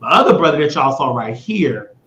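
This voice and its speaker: A man hosting his own show, talking in a blunt, rambling monologue that swears freely and swings between loud bursts and mutters. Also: mid-range voice, big pitch swings, fairly quick, slight background noise. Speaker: show host. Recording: echoey room, dull lo-fi sound.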